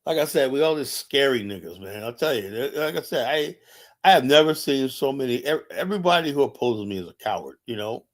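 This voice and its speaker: A man's voice: medium pitch, expressive, fairly quick. A man hosting a livestream, delivering a heated political monologue. He is combative and profane and often repeats phrases while challenging viewers directly. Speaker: livestream host.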